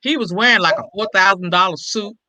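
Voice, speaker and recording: An older woman, a comedian and impressionist, telling a story in an interview and acting out every quoted line with lively shifts in voice. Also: medium pitch, fast talker, no room sound, low-quality recording.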